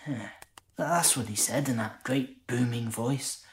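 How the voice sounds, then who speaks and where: In a dramatic monologue, an actor plays a humble shepherd looking back on a night by the fire, speaking in a conversational, hesitant, marvelling way. The mood is reflective, and his voice is medium-pitched, natural, and measured in pace.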